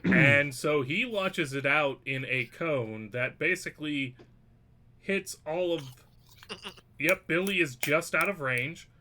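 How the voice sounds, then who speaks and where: A man's voice: fairly high pitch, slow, noisy background. A man acting as game master, joking and hedging as he runs a tabletop game online, swearing now and then.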